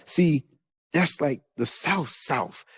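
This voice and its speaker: A man with a New York accent hosting a podcast, talking in a loose, animated way with lots of restarts. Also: fairly high pitch, slow pace, husky. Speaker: podcast host. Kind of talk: casual conversation.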